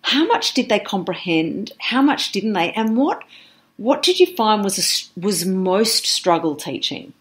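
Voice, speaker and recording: A woman podcast host asking thoughtful questions and summarizing her guest's points in a halting, reflective way. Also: medium pitch, sing-song. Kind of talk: interview questions.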